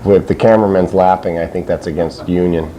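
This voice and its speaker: A male comedian delivering dry, deadpan one-liners in a mock interview. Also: low voice, brisk, crowd noise. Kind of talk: straight-faced comedy interview.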